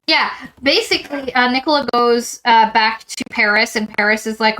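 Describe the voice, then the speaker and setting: A woman co-hosting a book podcast, recapping a novel in a rambling, animated way and acting out quotes from it. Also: fairly high pitch, moderate pace, rough recording. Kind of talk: casual book discussion.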